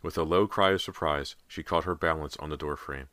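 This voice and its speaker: A man narrating a teen horror audiobook in a measured, suspenseful reading. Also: very deep voice, little pitch movement, bright, forceful tone, no room sound.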